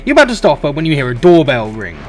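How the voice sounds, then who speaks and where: A man reading a comedy game aloud, animated and giggly, cursing casually between lines. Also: fairly high pitch, fast talker, soft background music. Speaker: game streamer voicing all characters. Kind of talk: reading a visual novel aloud with laughs and asides.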